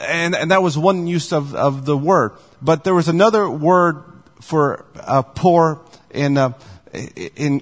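Man, pastor, sermon, earnest and emphatic, somewhat high voice, big echoing hall. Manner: earnest preaching with repetitions and emphatic slowed quotes.

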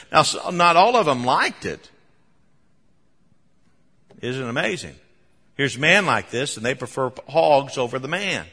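Male preacher, bright ringing tone, lively storyteller, long hall reverb. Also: medium pitch, moderate pace, pauses often, slightly rough. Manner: animated storytelling with chuckles and sudden emphatic bursts. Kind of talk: sermon.

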